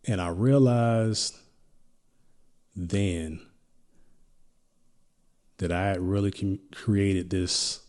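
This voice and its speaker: A middle-aged man hosting a podcast, telling a personal story in a reflective, halting way with many restarts. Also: low voice, steady tone, darkish tone. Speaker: podcast host.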